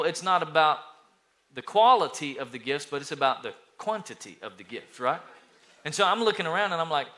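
A middle-aged pastor from East Tennessee preaches with a bright, forceful voice pitched a little high. He tells homely stories and slips into the voices of squabbling kids to make his point. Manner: storytelling, acts out children's voices, lively. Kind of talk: sermon.

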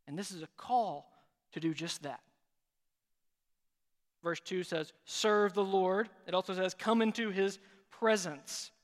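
A man's voice: high voice, unhurried, pauses often. A man preaching a sermon as pastor, conversational and joking now and then. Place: large church sanctuary. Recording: reverberant hall.

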